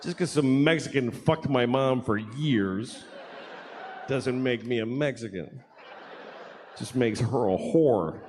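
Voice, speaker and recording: A man's voice: mid-range voice, slow, darkish tone. A man doing a stand-up comedy set, rambling and sardonic, self-deprecating, with frequent restarts. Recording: live hall with audience noise.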